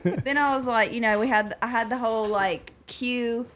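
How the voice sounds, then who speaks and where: A woman's voice: fairly high pitch, steady tone, normal speed, fairly bright tone. A woman, speaking frankly as a podcast guest in a casual chat. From Arkansas. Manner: blunt, frank.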